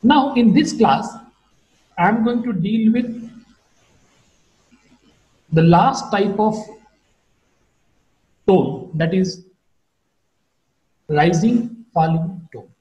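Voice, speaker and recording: A man lectures on phonetics at a slow, careful pace. His high voice has a mellow, dark tone. The recording carries a roomy echo. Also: animated, muffled recording. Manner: slow, deliberate teaching with wide pitch swings.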